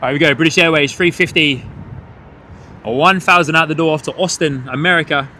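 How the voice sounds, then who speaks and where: A man hosting a live plane-spotting stream from a hotel above the runway, excitedly calling out departures and greeting viewers. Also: a little high, fairly quick, slight background noise. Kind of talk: live commentary. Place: hotel third floor overlooking an airport runway.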